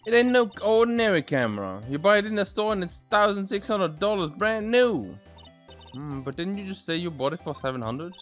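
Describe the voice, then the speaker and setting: A man putting on a loud, folksy gal photographer. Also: high-pitched, animated, brisk, faint music behind, pitched above the performer's own voice. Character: brash young female photographer, pushy.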